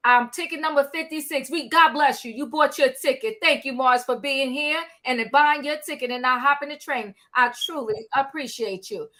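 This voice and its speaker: Bright high-voiced woman hosting a livestream. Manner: animated, calls out to viewers, drawn-out exclamations. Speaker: livestream host. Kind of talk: casual live-stream chat.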